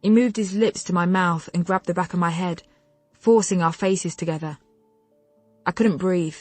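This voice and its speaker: A woman narrating a contemporary novel in first person, telling it in an expressive, wry way on a close studio mic. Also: fairly low pitch, normal speed, no room sound, faint music behind. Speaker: audiobook narrator.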